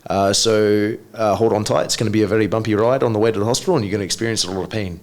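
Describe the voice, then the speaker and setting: A man doing a monotone South African medic. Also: fairly low pitch, racing, lightly acted. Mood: deadpan. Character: flat-voiced male ambulance medic.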